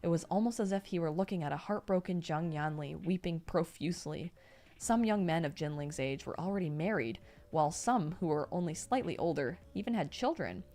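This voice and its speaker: A woman's voice: sits low, fairly quick. Young woman reading a novel aloud. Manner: reads steadily, breaks off into excited reactions. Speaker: streamer.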